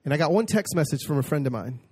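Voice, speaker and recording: A man preaching a personal testimony, moving between hushed storytelling and excited exclamation and reading scripture slowly and emphatically. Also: fairly high pitch, breathy edge. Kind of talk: sermon testimony.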